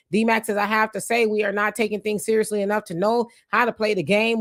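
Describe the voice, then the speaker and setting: A woman hosting a livestream. She reads viewer comments aloud and answers them in an emphatic, conversational way, often asking rhetorical questions. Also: medium pitch. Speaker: livestream host.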